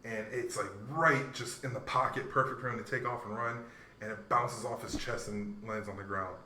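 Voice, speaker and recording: A man co-hosting a casual talk show, telling animated stories, acting out quotes and laughing often. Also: mid-range voice, moderate pace, slight background noise. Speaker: podcast co-host. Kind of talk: casual chat. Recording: echoey room, off-mic.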